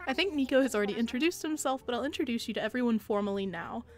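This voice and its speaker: A woman reading out an upbeat, organized female otter boss in a brisk, friendly way. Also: on the high side, expressive, lightly acted. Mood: welcoming.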